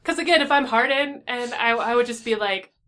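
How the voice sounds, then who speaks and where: Chatty woman with a bright voice. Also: fairly high pitch, a little fast. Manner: chatty, acts out quoted lines, laughs often. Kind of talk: casual chat.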